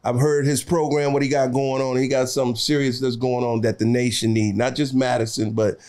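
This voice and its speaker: A man with a Southern US accent, a regular podcast guest, talking in a lively, slangy, preachy way in a studio. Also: medium pitch, a little fast. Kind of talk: casual podcast chat.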